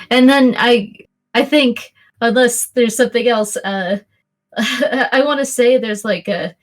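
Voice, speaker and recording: A woman's voice: a little high, takes it slowly. A young woman narrating a tabletop game as game master, rambling with fillers and restarts.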